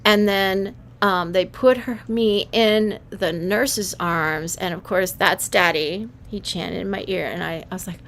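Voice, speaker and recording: A woman hosting a livestream, talking in a casual, animated way and often restarting her sentences. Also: a little slow, gravelly, hardly any pauses, slight background noise. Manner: animated, breaks into high squeals when quoting herself, frequent laughs and restarts. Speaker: livestream host. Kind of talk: casual monologue.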